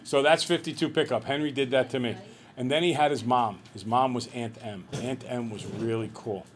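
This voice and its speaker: A man's voice: mid-range voice, steady tone, normal speed. A middle-aged man teaching a math class, telling jokey stories and acting out little voices. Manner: playful, jokey, acts out voices in anecdotes.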